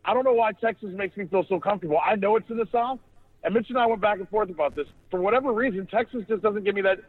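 A man hosts a casual sports podcast, voice a touch high. He rambles and swears freely, restarting his sentences. The sound is thin and phone-like. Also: fast. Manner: loose, profane, rambling with restarts. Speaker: podcast host.

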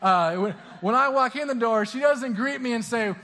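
Young pastor with a high, lively voice; relaxed sermon delivery, slips into acted voices. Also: male voice, moderate pace. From Southern California. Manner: casual, animated, acts out voices, stammering restarts.

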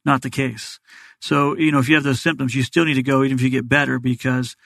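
A man's voice: medium pitch, little pitch movement, vocal fry, a bit bright, no echo. A man, a doctor as a guest, explaining health matters in plain, practical terms. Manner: fast, plain-spoken explainer. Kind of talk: explanatory interview answers.

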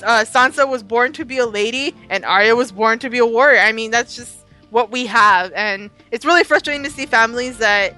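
A young woman co-hosting a podcast, chatting casually about a TV episode, swearing freely and throwing in quick asides. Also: fairly high pitch, pushed and bright, soft background music, rough recording. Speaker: podcast co-host. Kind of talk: casual chat.

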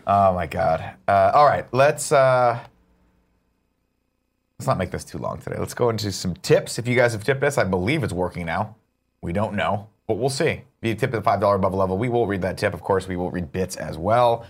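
A man with a somewhat low voice co-hosts a casual chat show. He rambles and leans hard on his points, swearing freely along the way. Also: lively intonation, a little fast. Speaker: co-host.

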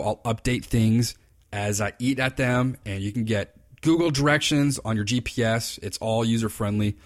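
A man hosting his own podcast, telling rambling, enthusiastic stories in casual chat. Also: mid-range voice. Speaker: podcast host, fly fishing consultant. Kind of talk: casual solo podcast talk. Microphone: computer recording.

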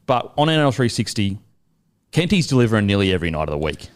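A man's voice: lowish voice, big pitch swings, fast talker, smooth. A man hosting a comedy podcast and announcing awards in a mock-grand way. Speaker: podcast host presenting awards.

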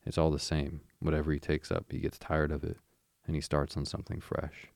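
A man voicing a sociable, easygoing male water rat in a storybook reading, in a gravelly voice. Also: a bass voice, completely flat delivery, fairly quick, a little mellow, no echo, studio quality. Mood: cheery.

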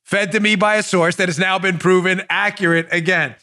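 A man's voice: high voice, steady tone, brisk, bright, forceful tone. A man in his forties hosting a political commentary podcast, bursting into incredulous exclamations and frequent laughter. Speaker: podcast host.

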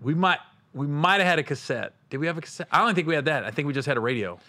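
A man's voice: on the high side, very fast. A man from Cincinnati hosting a podcast, telling stories in a casual comedic chat and acting out quotes. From Cincinnati, USA. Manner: animated storyteller, acts out quotes. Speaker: podcast host.

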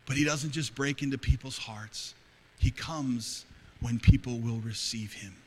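A middle-aged male pastor preaching a sermon to a congregation, dropping to hushed confiding and rising to loud fervor. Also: mid-range voice, fairly even intonation, normal speed, slight background noise. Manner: swings between hushed, intimate confiding and loud, fervent preaching. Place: church hall before a congregation.

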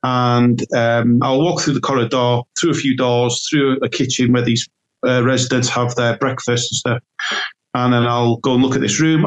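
A man's voice: medium pitch, level tone, moderate pace, poor audio. A man, a self-employed decorator, chatting casually on a podcast and telling stories with lots of fillers and restarts. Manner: chatty, warm storytelling with many fillers and restarts.

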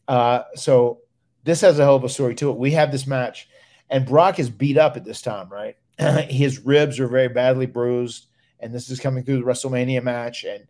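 A man, casually telling stories on his podcast and getting loud when he acts out other people. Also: mid-range voice. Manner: animated storyteller, loud when acting out others. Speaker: podcast host, retired wrestler. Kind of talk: casual storytelling.

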